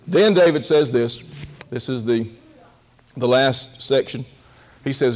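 A pastor with a mid-range, slightly mellow voice and lively intonation delivers a sermon in a folksy, humorous style. He slows down on key words, acts out quotes in a raised voice and laughs often.

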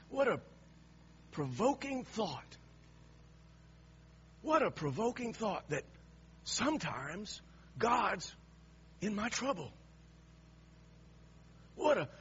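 A man preaching a sermon, dropping to hushed lines and then rising to emphatic, raised passages. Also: fairly high pitch, muffled recording, slight background noise.

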